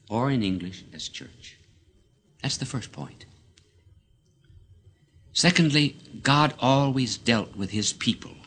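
Male preacher, low and unhurried, dramatic swells and whispers. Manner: slow, dramatic delivery, swelling loud then dropping to a whisper. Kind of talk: sermon.

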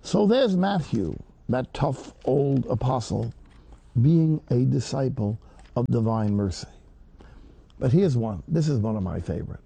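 A man's voice: medium pitch, lively intonation, measured pace, vocal fry, warm tone, breathy edge. A man preaching a sermon in an earnest, emphatic way that swells to stress key words.

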